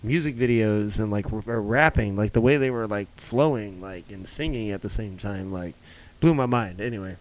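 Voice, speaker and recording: A man's voice: on the low side, moderate pace. A young man co-hosting a podcast, talking casually and at length, full of "like" fillers and swearing. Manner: rambling, heavy on "like", swears. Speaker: podcast co-host, rapper. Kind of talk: casual chat.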